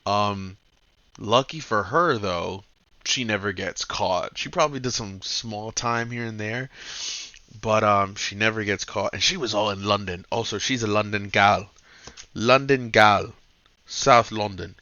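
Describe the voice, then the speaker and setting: A man's voice: fairly low pitch, measured pace, pushed and bright, dry recording, muffled recording. A man hosting a casual comic book review, talking loosely and swearing often. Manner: loose and profane, keeps saying "bro".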